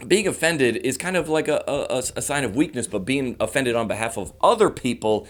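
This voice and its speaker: Brief: male comic in his thirties, fast animated monologue to camera, faint music underneath. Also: medium pitch. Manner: rapid, animated rants with mock voices. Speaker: comedian host.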